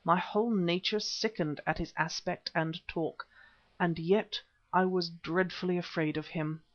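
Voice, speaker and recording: A man narrating an adventure audiobook in a measured, first-person storytelling manner. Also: high-pitched, steady tone. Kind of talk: scripted narration. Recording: dull lo-fi recording.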